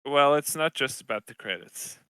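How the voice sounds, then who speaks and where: Bright-voiced man playing at a tabletop game. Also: medium pitch, lively intonation, moderate pace, smooth, no echo. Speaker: player.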